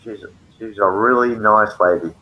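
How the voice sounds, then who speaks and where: A man's voice: fairly low pitch, moderate pace, lo-fi sound. An Australian man chatting casually and matily on a group stream. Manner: matey, uses "mate" a lot.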